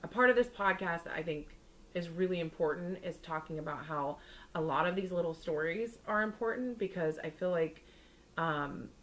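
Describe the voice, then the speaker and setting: A somewhat bright voice at a moderate pace belongs to a young woman co-hosting a podcast, recorded roughly. She chats casually and brings her stories to life by voicing the characters with large pitch leaps.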